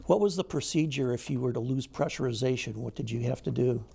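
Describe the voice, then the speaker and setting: A man interviewing a veteran, gently prompting him with questions. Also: medium pitch, fast, creaky, breathy edge. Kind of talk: oral history interview.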